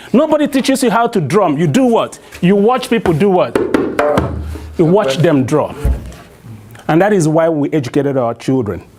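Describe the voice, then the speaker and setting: Nigerian man telling a folk tale live, high voice, keeps asking the crowd "what?". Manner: call-and-response questions, animated. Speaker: storyteller. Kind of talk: live oral storytelling to an audience.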